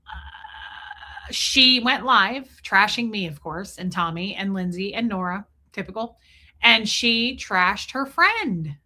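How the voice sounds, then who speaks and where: Slow and lively in intonation, her mid-range voice comes across pushed and bright as she reads chat messages on her stream. The speaker is a middle-aged woman from the Midwest, from Nebraska and raised near Kansas City, keeping things casual.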